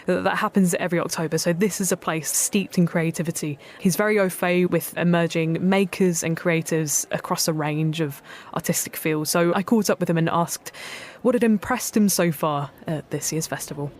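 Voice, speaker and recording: A woman hosting a design radio show from the studio. She chats in a relaxed way. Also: on the low side, normal speed. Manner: chatty, relaxed. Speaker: radio host.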